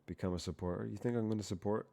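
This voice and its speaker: He speaks very fast in a fairly low, creaky voice with warm tone and fairly even intonation, recorded dry. It's a young man's casual coding live stream, full of rambling, cursing, and mid-word self-interruptions.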